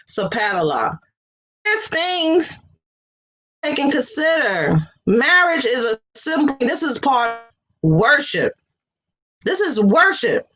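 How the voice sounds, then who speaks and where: Lively woman on a video call. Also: sits high, slow, pauses often, poor audio. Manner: animated, laughing often, chatty. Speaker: co-host. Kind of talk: casual religious talk show.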